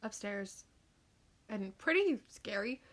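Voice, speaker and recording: A woman's voice: medium pitch, very animated, slow pace. A young woman co-hosting a podcast with her mother, chatting casually with playful quips. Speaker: podcast co-host, daughter. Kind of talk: casual chat.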